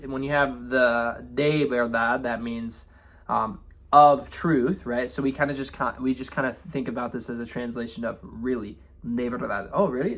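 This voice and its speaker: Male language teacher, mid-pitched, loose and chatty as he walks through lyrics. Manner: relaxed, repeats "right?" and "okay?" often. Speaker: Spanish teacher. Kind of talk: explaining song lyrics.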